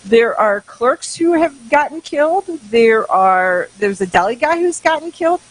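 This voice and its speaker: A woman's voice: on the high side, measured pace, poor audio. A woman co-hosting a talk radio show, chatting casually and telling stories with open sarcasm. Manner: sarcastic, animated storytelling.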